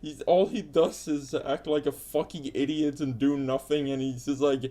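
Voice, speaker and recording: A young man in casual conversation, bluntly and profanely exasperated, speaking in halting, broken phrases. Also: on the high side, steady tone, warm tone. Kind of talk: casual ranting chat.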